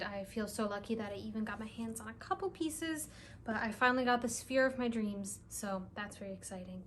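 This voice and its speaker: Gushing young woman with a high voice. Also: a little hiss or hum. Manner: gushing, excitable, lots of "like" and "really, really". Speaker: crystal shop owner and vlogger. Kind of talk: casual show-and-tell vlog.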